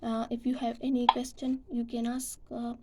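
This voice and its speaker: A woman's voice: a little high, monotone, normal speed, heavy background noise. A woman giving a class presentation, speaking hesitantly with many fillers and restarts. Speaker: student presenter.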